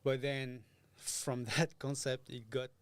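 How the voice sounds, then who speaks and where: Hesitant guitarist. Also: male voice, medium pitch, flat delivery, takes it slowly, smooth. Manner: hesitant, searching for words, laughs often. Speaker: guitarist guest. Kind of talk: casual podcast interview.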